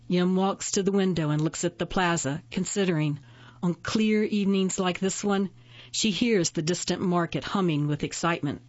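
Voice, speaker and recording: A woman narrating a fantasy story in a steady, measured reading. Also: fairly low pitch, muffled recording. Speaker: audiobook narrator. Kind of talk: scripted narration.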